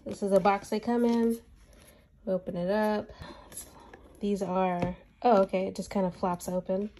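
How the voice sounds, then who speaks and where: A woman's voice: mid-range voice, level tone, normal speed, dark tone, a little hiss or hum. A woman vlogging a casual unboxing, chatty and thinking aloud, speaking with a slight lisp from new aligners. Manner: chatty, thinking aloud while handling items.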